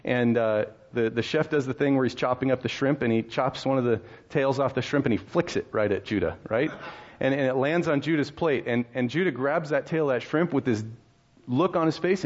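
A man's voice: medium pitch, brisk, highs cut off. A male pastor in his thirties preaching a sermon in a conversational, storytelling way, with rhetorical questions and laughs.

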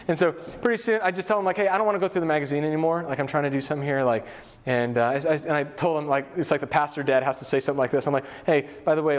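A man's voice: on the high side, fast. A middle-aged male pastor preaching a casual, conversational sermon, full of asides, fillers and family stories.

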